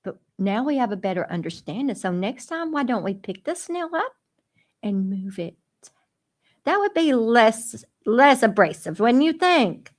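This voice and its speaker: A woman talking slowly and gently to children on a radio show, soothing and coaxing like a patient teacher. Her voice sits fairly high, and she takes her time with every phrase. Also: big pitch swings. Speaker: dog trainer and show host.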